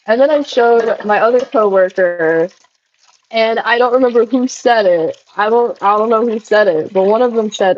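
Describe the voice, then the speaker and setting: A young woman livestreaming, telling stories in casual chat and jumping into high-pitched voices when she quotes people. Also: moderate pace, dull audio, a little hiss or hum. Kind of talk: casual live-stream chat. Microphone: phone.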